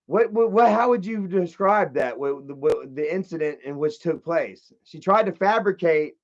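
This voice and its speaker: A man's voice: on the high side, lively intonation, moderate pace, highs cut off. A man telling a story in a casual, profane, rambling rant, often repeating himself. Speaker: channel host.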